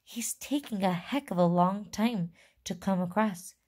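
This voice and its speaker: A woman's voice: mid-range voice, a little slow, a little mellow, natural voice. Woman reading a blunt, gloomy father. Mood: grim. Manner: blunt, grim remarks.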